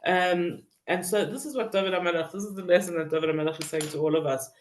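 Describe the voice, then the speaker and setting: A woman teaching a Psalm class who reads Hebrew phrases, translates them and often pauses to search for words. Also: fairly low pitch, slight background noise. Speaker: Torah teacher. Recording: roomy echo.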